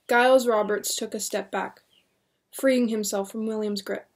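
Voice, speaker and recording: A woman reading a horror novel aloud in a steady, measured narration. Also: medium pitch. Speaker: audiobook reader.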